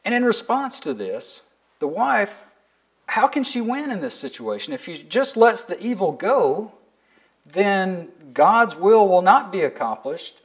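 A man preaching a sermon in a fairly high voice that swoops up and down with feeling. He keeps putting earnest, searching questions to his listeners. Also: very animated, unhurried. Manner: reads scripture aloud with emphasis.

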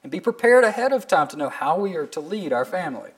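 A man's voice: sits high, big pitch swings, fast talker. A man preaching a sermon, earnestly asking his listeners pointed questions and reading scripture aloud with emphasis.

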